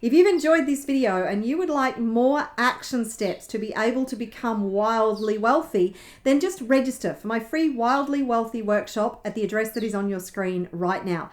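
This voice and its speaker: A woman coach with a slightly high voice delivers motivational coaching. She speaks slowly and emphatically, repeating affirmations for listeners to say after her. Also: animated. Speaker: wealth coach.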